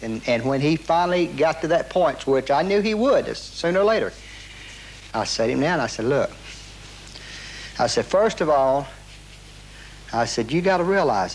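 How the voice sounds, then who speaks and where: A man's voice: a little high, a little hiss or hum, poor audio. A man in an interview telling a story in a casual way, acting out quotes with many repeats and restarts, and swearing now and then. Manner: animated retelling, heavy quoting, repeats and restarts, swears.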